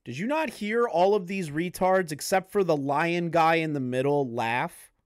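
A man hosting a reaction commentary, speaking bluntly and crudely and slowing down hard to stress his points. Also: on the high side, no echo. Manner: blunt, crude, slows down for emphasis. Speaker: commentary host.

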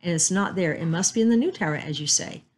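Woman reader voicing a gruff old man, snappish, demanding, low-ish voice, storybook read-aloud. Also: fast, slight background noise, natural voice. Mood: eager. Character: older man, gruff, quick-tempered mansion owner.

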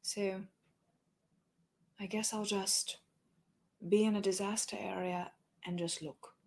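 A woman voicing a confused, wistful princess, speaking softly and musing to herself. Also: medium pitch, fairly even intonation, slow pace. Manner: soft, musing, trailing off. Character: confused, wistful princess alone in a ruined London.

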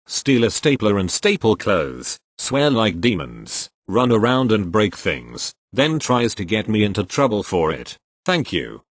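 A man reading online posts aloud as storytelling, in a wry, expressive manner. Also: lowish voice, no room sound.

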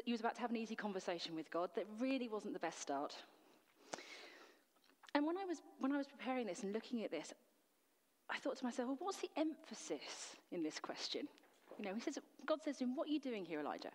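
A woman's voice: a little high, very animated, fast, in a large hall. A woman preacher delivering a sermon in an earnest, emphatic way, full of rhetorical questions. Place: church.

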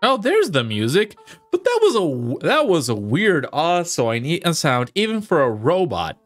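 A man's voice: a little high, moderate pace, soft background music. A man hosting a let's play, reading game dialogue aloud and joking between lines in a playful, rambling way. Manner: playful, animated, rambling with fillers.

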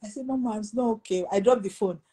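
Woman, middle-aged, pastor, mellow tone, breathy edge, animated storytelling. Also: fast talker, poor audio. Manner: animated, acts out quoted dialogue with pitch jumps. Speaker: pastor and guest. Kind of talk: storytelling testimony in conversation.

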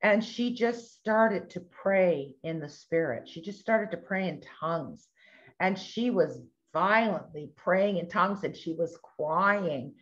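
Lower-voiced woman telling an animated testimony. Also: unhurried. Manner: animated storytelling, acts out quoted voices. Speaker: ministry speaker sharing testimony. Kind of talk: storytelling testimony. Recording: dull lo-fi recording.

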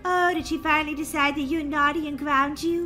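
A level-headed girl in a game movie, voiced by a woman, bright and high and matter-of-fact. Faint music plays behind her. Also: fairly even intonation, brisk.

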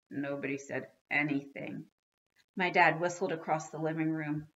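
A woman reading a children's book aloud with expressive storytelling. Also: low-pitched, moderate pace, muffled recording. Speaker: reader.

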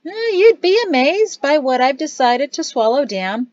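A woman's voice: high voice, very animated, unhurried, darkish tone, dry recording, muffled recording, voice pushed up. Woman voicing cheery chatty innkeeper man. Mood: cheerful. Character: jovial man, innkeeper and cook.

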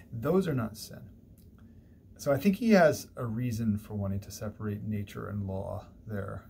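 A man's voice: on the low side, vocal fry, warm tone, a little hiss or hum. Man giving a rambling literature lecture. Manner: conversational, digressive, thinking aloud with fillers. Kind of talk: recorded university lecture. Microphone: single mic, recorded lecture.

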